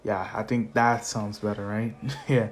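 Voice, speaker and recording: A man's voice: lowish voice, flat delivery, measured pace. A young man retelling a story in a casual, rambling way, full of fillers and offhand asides. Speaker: YouTuber. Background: faint music.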